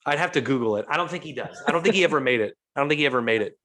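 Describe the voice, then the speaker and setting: A podcast host from St. Louis, USA, races through a long, profane party story in a medium-pitched voice. It's casual talk, delivered with animation as he acts out everyone's lines.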